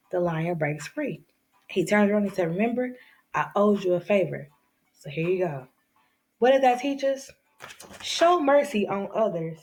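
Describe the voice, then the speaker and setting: A woman teacher walks children through fables, swinging her voice up and down as she acts out each character. Her tone has a gravelly, creaky edge, and her pitch sits in a middle range. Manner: animated, acts out story characters with big pitch jumps. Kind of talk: storytelling lesson for children.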